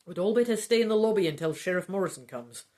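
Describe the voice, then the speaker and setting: A woman voicing a practical, brisk female hotel manager. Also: lowish voice, animated, mellow, lightly acted.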